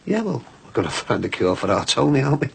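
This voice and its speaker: A man playing a worried working-class father running a shop, talking warmly and gratefully to his mates in a TV soap drama. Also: medium pitch, sing-song, fast, gravelly, breathy edge, exaggerated voice. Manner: warm, chatty and grateful. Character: grateful working-class dad of a sick son.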